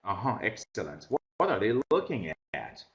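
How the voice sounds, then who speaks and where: A man's voice: fairly low pitch, wildly swooping pitch. Patient male teacher on lo-fi video call. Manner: patient, repeats questions and instructions slowly. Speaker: English teacher. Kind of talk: online class instruction. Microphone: computer mic on a video call. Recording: dull lo-fi video call audio.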